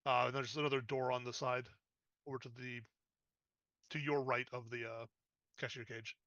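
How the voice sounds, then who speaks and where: Bright-toned man running a tabletop game. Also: mid-range voice, little pitch movement, normal speed, no room sound, lo-fi sound. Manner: descriptive, with hesitant fillers. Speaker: game master.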